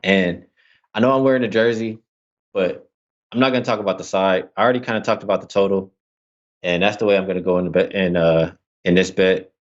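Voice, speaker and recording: A man on a betting panel casually giving his pick, with a few halting restarts. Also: low voice, fairly even intonation, dull audio. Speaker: sports handicapper panelist.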